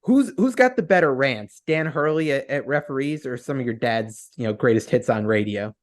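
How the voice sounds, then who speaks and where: A man's voice: mid-range voice, expressive, normal speed. A man hosting a podcast, asking questions in a laid-back, casual way. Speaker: podcast host.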